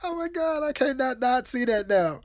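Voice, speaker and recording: Animated comedian man, dry sound. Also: very high voice, normal speed, dry recording. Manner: animated, acts out little scenes in voices, laughs often. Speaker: comedian guest. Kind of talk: casual podcast chat.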